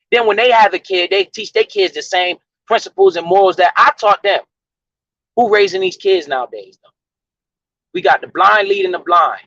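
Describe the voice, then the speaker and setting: Profane high-voiced man ranting on stream. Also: pushed and bright, no room sound. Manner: profane, emphatic, preachy. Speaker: livestream host. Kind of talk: casual livestream rant about money. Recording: dull lo-fi stream audio.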